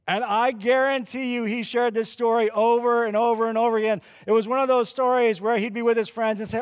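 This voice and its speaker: A man preaching a sermon as a pastor, telling the story lively and acting out the lines people say. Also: extremely high pitch, fairly quick, few pauses, smooth. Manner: animated storyteller who acts out quoted lines. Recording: long hall reverb.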